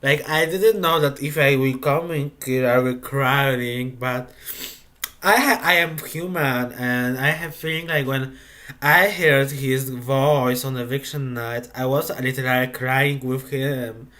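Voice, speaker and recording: A tearful man speaks slowly in halting. His voice is bright, and his words come in an emotional, faltering confessional. He sounds on the edge of crying throughout. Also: mid-range voice, steady tone. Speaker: game player.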